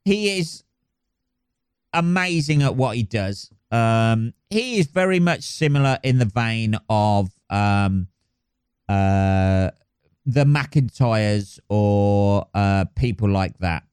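A man's voice: fairly low pitch, animated, takes it slowly, few pauses, a little mellow, clear, resonant tone, no echo, studio quality. A man hosting a solo podcast, rambling and swearing with lots of ums and restarts. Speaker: podcast host.

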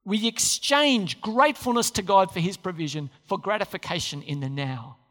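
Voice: medium pitch, normal speed, fairly bright tone. A preacher giving a sermon, telling a story with rhetorical questions and acted-out quotes. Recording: long hall reverb.

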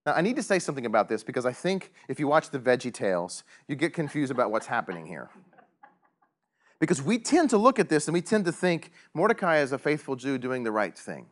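A man leads a Bible study in an easy, joking manner, asking his listeners questions. His pitch swings widely as he teaches, rising and falling for emphasis. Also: fairly quick. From United States. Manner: animated, joking, big pitch swings, chuckles often.

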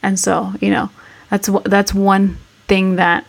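A woman in her thirties co-hosting a podcast, talking in a halting, reflective way and switching between English and Spanish. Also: medium pitch, level tone, gravelly. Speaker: podcast co-host. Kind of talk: casual chat.

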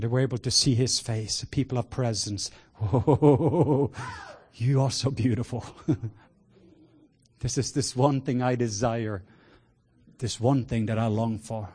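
A man preaching a sermon with passion, moving between hushed words and loud exclamations. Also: mid-range voice, husky. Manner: sprinkles in laughter and cries of "whoa".

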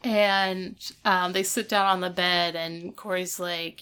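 A woman's voice: fairly low pitch, little pitch movement, slow, pushed and bright, clean tone. A woman in her thirties, casually retelling TV scenes with lots of fillers. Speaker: podcast co-host recapping a TV episode. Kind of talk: casual chat.

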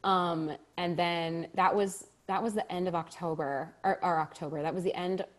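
A woman's voice: fairly low pitch, normal speed. A woman, a stage actor, telling a story in conversation, acting out quoted dialogue with frequent laughter. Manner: animated, acts out quoted dialogue, laughs often.

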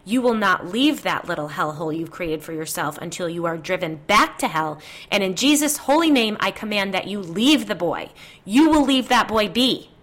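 A woman voicing a blunt middle-aged female psychic who speaks gravely and firmly. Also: fairly low pitch, normal speed, fairly bright tone, lightly acted. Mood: commanding, loud. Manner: blunt, commanding.

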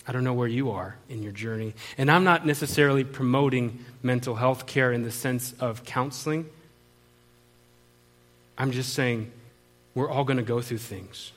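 A man pastor delivering a sermon as an earnest, confessional personal testimony, often restarting his sentences. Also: medium pitch.

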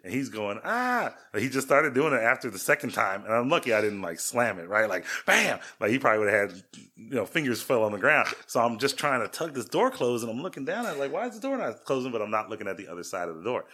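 Rambling man telling stories, lowish voice. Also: expressive, quick pace, sharp tone, slightly rough. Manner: rambling, self-deprecating storyteller with many restarts. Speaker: podcast co-host. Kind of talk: casual storytelling chat.

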